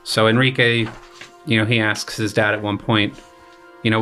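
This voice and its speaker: A young graduate student composer with a lowish voice talks about his opera at a moderate pace, pausing often. Faint music sits behind this relaxed podcast conversation, and he uses lots of fillers and paraphrased quotes.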